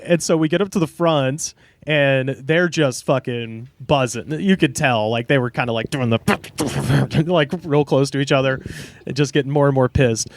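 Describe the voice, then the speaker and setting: A man hosting a podcast, telling a story in a casual, animated way, laughing often and swearing freely. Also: mid-range voice, moderate pace. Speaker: podcast host. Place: outdoors in a park.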